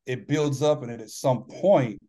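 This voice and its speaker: A man's voice: mid-range voice, unhurried, mellow. Earnest man telling his story. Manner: earnest, reflective, acts out dialogue in his stories. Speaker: podcast guest, author and former athlete. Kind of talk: candid personal storytelling.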